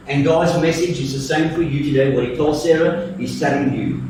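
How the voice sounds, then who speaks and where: A man's voice: on the high side, steady tone, fairly quick, hardly any pauses, background noise. A man preaching a sermon and telling the story playfully, acting out its voices with jokes. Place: church hall. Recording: echoey church from far off.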